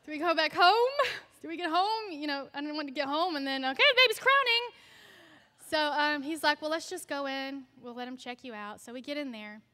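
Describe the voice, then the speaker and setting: A woman guest speaker giving a personal testimony in a church, telling her story in an animated way and acting out the voices of the people in it. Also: high-pitched, fairly quick. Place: church sanctuary. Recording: long church hall reverb.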